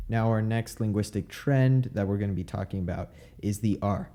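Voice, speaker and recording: A young man talks through speech sounds in a relaxed, unscripted way. He breaks off into "um" and "like" and says example words aloud. His voice sits low and mellow. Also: moderate pace. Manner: explanatory, frequent fillers, demonstrates pronunciations. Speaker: podcast host explaining linguistics. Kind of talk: casual educational monologue.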